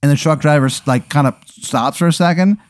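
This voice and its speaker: A man hosting a comedy podcast, telling an improvised absurd story in a deadpan, drawn-out way. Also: a little high, no echo, clean studio sound. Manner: deadpan, drawn-out narration with sudden absurd turns.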